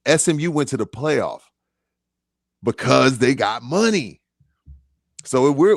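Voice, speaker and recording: Animated, joking male sports co-host. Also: medium pitch, no room sound, studio quality. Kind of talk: casual sports chat.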